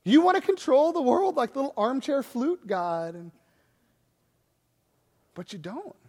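A man's voice: very high-pitched, sing-song, unhurried, a little mellow, long reverb tail. A man preaching a sermon as a pastor, telling the story in a conversational way and acting out the voices of the people he quotes.

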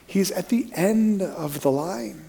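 A man preaching a sermon as pastor, telling stories with energy and dropping to a hushed voice for emphasis. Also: high-pitched, slow, creaky. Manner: animated storyteller who drops to a hushed voice for emphasis.

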